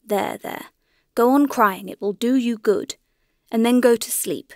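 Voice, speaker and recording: Woman reading as a gentle, soothing doctor. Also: a little high, measured pace, no echo, studio quality, lightly acted. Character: kind, calm older male doctor. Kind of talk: audiobook character reading.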